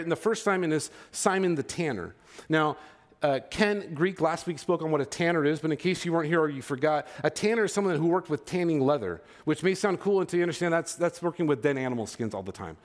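Conversational male pastor preaching, slightly high voice. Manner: conversational, checks in with "okay?" and "right?". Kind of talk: sermon.

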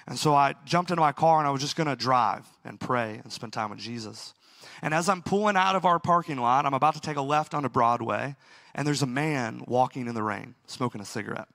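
A man's voice: mid-range voice, brisk, vocal fry, a bit bright, no echo, studio quality. A man preaching a sermon and telling a personal story in an earnest, self-mocking way. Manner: storytelling, earnest, laughs at himself. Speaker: pastor.

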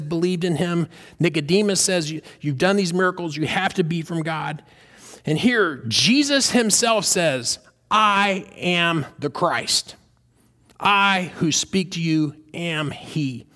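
A man's voice: on the high side, a bit bright. Earnest male preacher, lilt. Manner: earnest, questioning, with fillers and restarts. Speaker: pastor. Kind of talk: sermon.

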